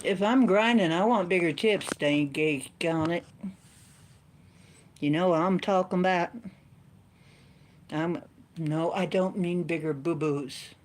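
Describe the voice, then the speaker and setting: A woman's voice: on the low side, slow pace, pauses often, slight background noise. A woman hosting a card-reading live stream, chatting in a playful, joking way. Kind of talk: casual chat on a live stream.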